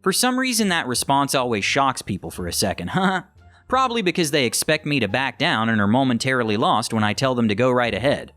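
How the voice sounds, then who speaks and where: Lively male story narrator. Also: mid-range voice, fairly quick, soft background music. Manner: animated, acts out the quoted lines in the story. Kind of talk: scripted narration of online stories.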